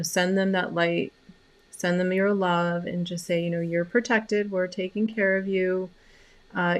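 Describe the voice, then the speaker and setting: Give me a low-voiced woman with a gravelly edge, casually talking to her live-stream viewers about her pets. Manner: soft, rambling, many fillers and restarts. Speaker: animal communicator host.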